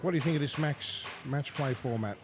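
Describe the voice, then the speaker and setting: A man, hoarse from losing his voice, commentating a pinball competition and often asking tag questions. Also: medium pitch, a little fast, music in the background. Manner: conversational, asks tag questions. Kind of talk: casual live commentary. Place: pinball club. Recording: clear background noise.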